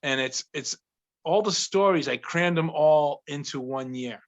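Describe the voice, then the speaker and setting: A man in his forties from Providence, a guest telling stories in an eager, animated casual chat. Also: on the high side, unhurried, dull audio. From Providence, Rhode Island. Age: 40s. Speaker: guest actor and writer.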